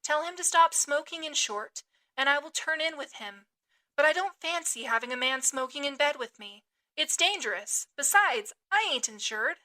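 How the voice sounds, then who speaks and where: A woman's voice: high-pitched, animated, moderate pace, sharp tone. A woman reading aloud as a prim young male sailor in fussy, formal old-fashioned speech. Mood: exasperated.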